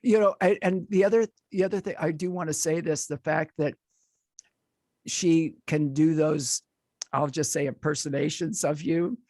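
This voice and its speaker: A man hosting an interview, warmly effusive and stammering as he thanks his guests. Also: fairly high pitch, steady tone, normal speed, no echo, studio quality. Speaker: podcast host. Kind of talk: casual interview wrap-up.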